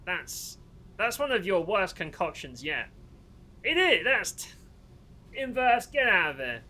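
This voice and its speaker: Animated, bright-voiced man streaming a game. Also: high-pitched, a little slow. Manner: animated, exasperated and joking. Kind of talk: casual gaming commentary.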